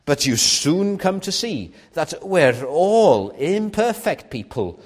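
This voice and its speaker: A man preaching a sermon in an earnest, personal way, sometimes dropping soft and sometimes lifting his stress. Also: on the high side, sing-song, takes it slowly.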